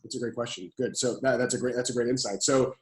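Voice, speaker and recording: A man of ordinary pitch who coaches calmly through a podcast interview, going back over his key phrases. His voice carries a noticeable room echo. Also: fast talker. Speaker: guest coach and author.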